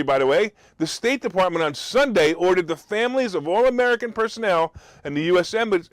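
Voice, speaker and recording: This talk show host is a man with a high voice, heard with no room sound. His monologue is opinionated, laced with sarcastic, mocking remarks and incredulous questions.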